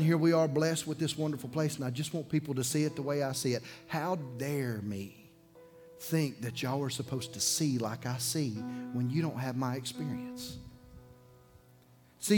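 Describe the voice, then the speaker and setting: A man from preaching a sermon as pastor, telling a personal story with loud bursts and hushed low passages. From Alabama.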